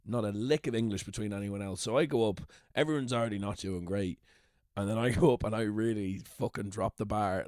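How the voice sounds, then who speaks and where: An Irish man co-hosting a podcast, telling comedy stories in a casual, animated way, swearing and laughing as he goes. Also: mid-range voice, no room sound, studio quality. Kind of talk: casual storytelling chat. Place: shed.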